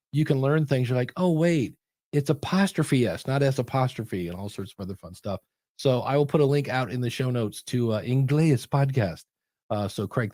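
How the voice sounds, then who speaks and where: A man's voice: medium pitch, no echo, clean studio sound. A man hosting a podcast coaching show in casual chat, telling stories animatedly and acting out quoted voices. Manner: animated storyteller who acts out quoted voices.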